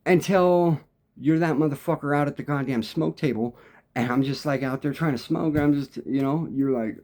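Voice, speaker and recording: Mellow-voiced man rambling with profanity. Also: a little high, normal speed. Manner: profane, rambling, restarts a lot. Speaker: musician. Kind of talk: rambling monologue.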